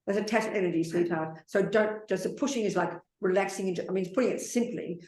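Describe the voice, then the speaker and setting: In an echoey meditation center hall, a female Buddhist teacher gives a dharma talk and fields questions, speaking bluntly and repeating herself while calling people darling and sweetheart. Her voice sits in the mid-range, darkish in tone, and she talks fast.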